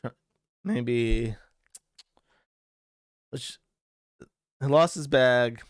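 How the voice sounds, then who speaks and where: A male commentary host mocks his subject in a crude, sarcastic, profane way. His voice is smooth and resonant, at a middling pitch. It is recorded close, with no room sound. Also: very slow, no echo. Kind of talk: mocking commentary on clips.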